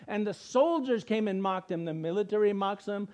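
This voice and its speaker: A man preaching a sermon with an emphatic, repetitive cadence and sudden loud bursts. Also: high voice, normal speed, hardly any pauses.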